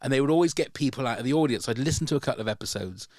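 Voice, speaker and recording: A man's voice: medium pitch, lively intonation, racing, a little mellow, no echo, clean studio sound. Chatty man telling a story. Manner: rambling, with many restarts and repeated words. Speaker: podcast host. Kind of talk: casual chat, storytelling.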